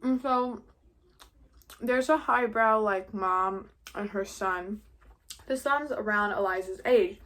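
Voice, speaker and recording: A woman's voice: mid-range voice, slow, a bit bright. A teenage girl vlogging while eating, chatty and casual, saying "like" constantly. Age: teens. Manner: chatty, heavy use of "like".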